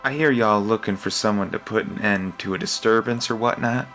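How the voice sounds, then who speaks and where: A man's voice: lowish voice, a little fast, fairly bright tone, slight background noise. A man voicing a brash, greedy adventurer who drawls "y'all" and cracks jokes in a tabletop game. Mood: cocky.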